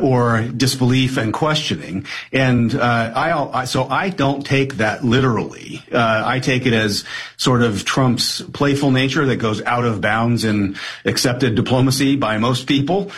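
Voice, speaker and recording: A man speaking as a guest analyst on a political talk show, measured and thoughtful, often pausing with "uh". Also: mid-range voice, fairly bright tone, breathy edge. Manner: measured, thoughtful, with frequent "uh" fillers. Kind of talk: political commentary.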